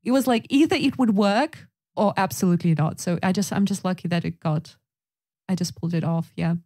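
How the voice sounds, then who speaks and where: A young woman with a Russian accent, co-hosting a podcast and telling stories in a casual, animated way. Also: on the low side, a little fast. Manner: animated, acts out quoted voices. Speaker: podcast co-host. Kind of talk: casual storytelling chat.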